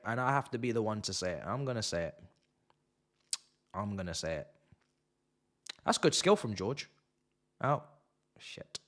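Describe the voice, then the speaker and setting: A young man hosting a live football watch-along, talking sarcastically and swinging between muttered asides and loud rants. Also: medium pitch, animated, normal speed, long pauses.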